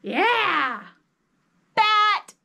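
A woman leading young children through a phonics lesson in a sing-song teacher voice. Her voice is very high, bright and lively, and she talks slowly and carefully. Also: vocal fry, muffled recording. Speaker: early reading teacher.

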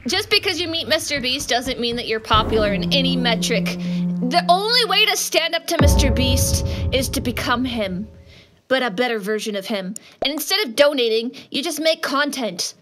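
A woman streaming a game live, chatting with viewers in an animated, jokey way with sudden yelps. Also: high-pitched, moderate pace, music in the background. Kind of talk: live gaming stream chat. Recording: noisy background.

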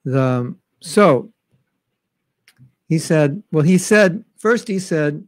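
Very slow and animated, this man's voice is fairly high-pitched, with no room sound audible. Teaching a scripture class from home during travel restrictions, he talks conversationally and recites Bengali and Sanskrit verses.

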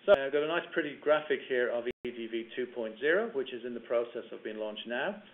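A man's voice: medium pitch, animated, a little fast. Man presenting a webinar over a tinny line. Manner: talks through slides with fillers and restarts.

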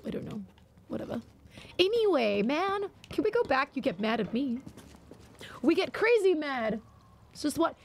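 Casting: high-voiced, gravelly woman streamer, chatty and quick to react. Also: a little hiss or hum. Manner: excitable, chatty, reads viewer messages aloud. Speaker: live-streaming gamer. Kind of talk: live gameplay stream chat.

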